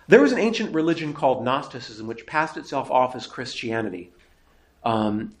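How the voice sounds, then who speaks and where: A man, a priest, teaching a scripture lesson in a conversational way and asking his class rhetorical questions. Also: mid-range voice. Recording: roomy echo.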